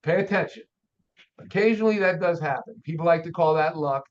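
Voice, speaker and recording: A man's voice: on the high side, brisk. Folksy older man, lo-fi audio. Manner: folksy, animated storyteller. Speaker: auto shop owner, podcast guest. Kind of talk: casual storytelling interview. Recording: dull lo-fi audio.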